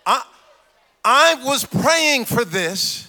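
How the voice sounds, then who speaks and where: A man's voice: extremely high pitch, big pitch swings, extremely slow, sharp tone, a faint crowd. A man preaching a sermon as pastor, repeating questions rhythmically and adding humorous asides.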